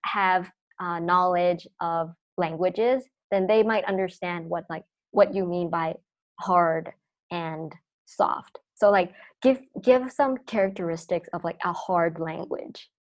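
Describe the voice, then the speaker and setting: A woman's voice: lowish voice, takes it slowly, dull audio. Chatty woman hosting a podcast. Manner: chatty, leans on the word "like", friendly sign-off. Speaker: podcast host. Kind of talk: casual chat.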